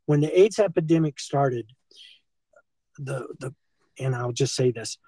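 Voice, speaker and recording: A man's voice: medium pitch, a little slow, dark tone, dry recording, rough recording. An older American man filmed on a handheld phone, talking in long rambling stretches and tagging on "okay" and "and so forth". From United States. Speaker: former school teacher being confronted. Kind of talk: rambling confrontation talk.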